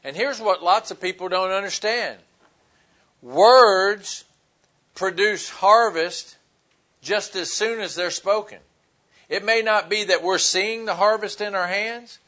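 A man preaching a sermon in a conversational way, pausing on fillers and retelling scripture as dialogue. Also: high-pitched, sharp tone. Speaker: pastor.

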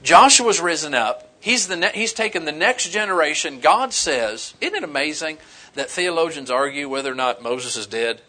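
Bright-voiced preacher man, folksy and animated. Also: a little high, normal speed. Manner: animated, folksy storytelling with humor. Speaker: pastor. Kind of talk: sermon.

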